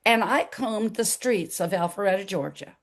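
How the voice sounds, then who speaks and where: An older woman as an interview guest, telling her story in an animated way and acting out the dialogue. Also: mid-range voice, normal speed.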